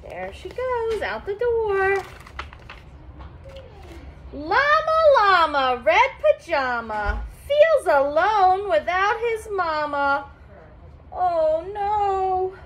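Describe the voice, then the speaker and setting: A woman's voice: very high-pitched, sing-song, drawn-out words, fairly bright tone, slight background noise. A woman reading a children's picture book aloud in a sing-song, teacherly way, stopping to explain words to young listeners. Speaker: storybook reader for children.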